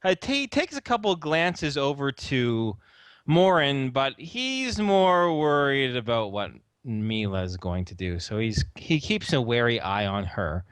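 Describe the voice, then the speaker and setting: Smooth-voiced man running a tabletop game. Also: mid-range voice, unhurried, dry recording. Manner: relaxed narration with frequent fillers and laughs. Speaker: game master.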